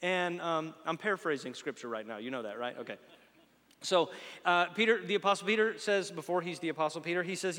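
A man preaching a sermon, conversational and animated, full of rhetorical questions and joking asides. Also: fairly high pitch, normal speed, in a large hall. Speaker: pastor.

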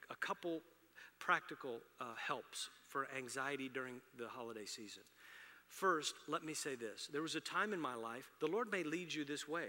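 Middle-aged preacher, man, higher voice, conversational delivery that swells loud then drops soft. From Houston, Texas area. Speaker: pastor. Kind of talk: sermon. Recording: long reverb of a large hall.

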